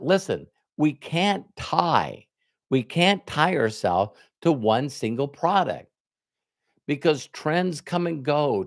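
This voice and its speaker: A middle-aged network marketing trainer delivers a motivational business talk in a mid-range voice, recorded with studio quality and no echo. He tells a story and acts out both sides of a conversation.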